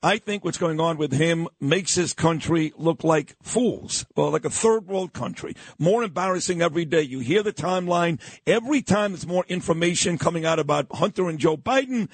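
A man's voice: high voice, husky, no room sound, poor audio. A middle-aged man hosting a talk radio show, arguing hard, interrupting and repeating his questions. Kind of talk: heated political radio interview.

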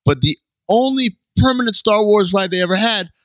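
Guy podcast host, chatty, animated, dry close mic. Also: high voice, normal speed, no room sound. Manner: animated, reenacts lines in funny voices. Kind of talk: casual chat recapping an episode.

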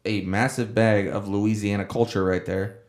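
A man's voice: lowish voice, steady tone, moderate pace. A young man from Florida, a fishing charter captain, chatting casually on a podcast, loose and profane, slipping into playful impressions of other people. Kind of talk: casual chat.

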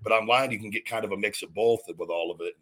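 A man's voice: on the low side, fast talker. A man hosting a casual podcast, talking in a rambling, heated and profane way. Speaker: podcast host.

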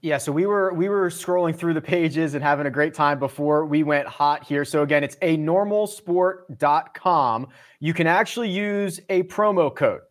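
A man's voice: on the high side, normal speed. A man hosting a golf podcast in a casual, upbeat and chatty way. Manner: upbeat, chatty, promotes sponsors and links. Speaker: podcast host.

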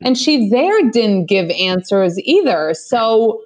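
A young woman with a fairly high voice chats through celebrity gossip as a podcast co-host. She piles on fillers and slips into quick mock impressions of other people as she talks. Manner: chatty, animated, lots of fillers and mock impressions. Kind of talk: casual gossip chat.

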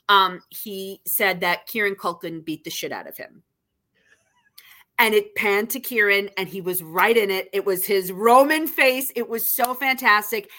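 Bright, gushing woman podcast co-host. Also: mid-range voice, normal speed. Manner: gushing, enthusiastic. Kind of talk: casual awards recap chat.

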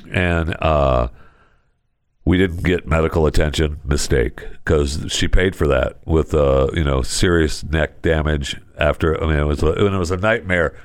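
A man's voice: low-pitched, dry recording, studio quality. A middle-aged man hosting a talk show, telling a rambling story full of restarts and asides. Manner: animated, digressive storyteller with many restarts. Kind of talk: casual rambling talk and live ad read.

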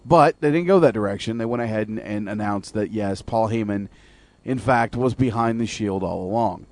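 A man's voice: fairly low pitch, moderate pace, darkish tone, no echo. Opinionated man rambling about wrestling. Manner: rambling, searching for words, opinionated. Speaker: radio show co-host. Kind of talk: casual wrestling talk.

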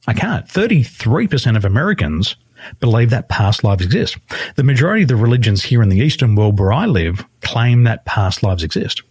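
A man with a fairly low, husky voice that swings widely in pitch as he tells a story. He speaks as a life coach guest in a podcast interview and acts out the people he quotes. The sound is close and dry. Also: a little mellow, dry recording.

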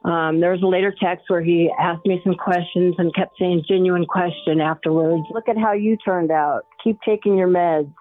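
A woman's voice: fairly low pitch, steady tone, moderate pace, few pauses. A middle-aged woman talking as a guest in a casual, blunt way, with lots of fillers. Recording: tinny phone line.

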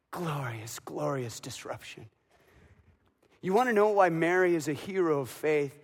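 A man preaching a dramatic sermon as a pastor, building to loud emotional peaks. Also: high voice. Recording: long reverb of a large hall.

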